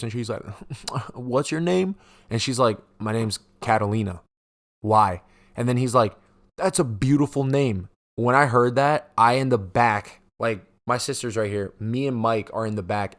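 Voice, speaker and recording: A young man hosting a podcast, telling a profane, animated story alone and acting out the voices of the people in it. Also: mid-range voice. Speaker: podcast host. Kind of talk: casual solo storytelling. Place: podcast studio.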